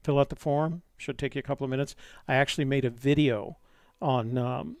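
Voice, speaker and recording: A man's voice: mid-range voice, steady tone, a little fast, a little mellow, no echo, clean studio sound. A man hosting a live-streamed call-in show, talking in a chatty, rambling way with many fillers. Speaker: host.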